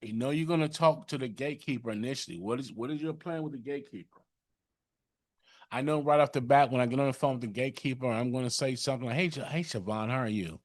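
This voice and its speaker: A man's voice: medium pitch, fairly even intonation, fast talker, a little mellow, dry recording. A man leading a sales training session on a call, coaching in a conversational way with lots of fillers and check-ins.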